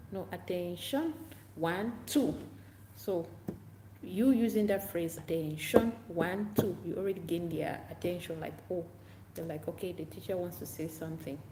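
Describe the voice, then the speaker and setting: A woman English teacher giving casual tips to camera, unhurried and repetitive, acting out classroom chants aloud. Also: on the low side, background noise.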